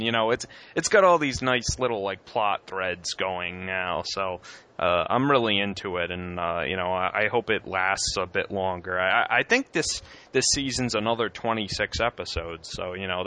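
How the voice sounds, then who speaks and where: A man's voice: fairly low pitch, bright, forceful tone. A young man co-hosting a podcast, chatting casually with many fillers and acted-out quotes. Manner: rambling, lots of fillers, acts out quotes. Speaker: podcast co-host. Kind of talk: casual chat.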